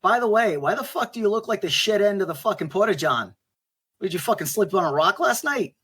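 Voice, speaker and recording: A brash teenage scout boy who curses in nearly every sentence, as a man puts him on in a tabletop role-play. He is blunt and scrappy, a tinkerer, in a slightly high voice. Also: expressive, a little fast, a bit bright, husky, heavily acted. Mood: teasing.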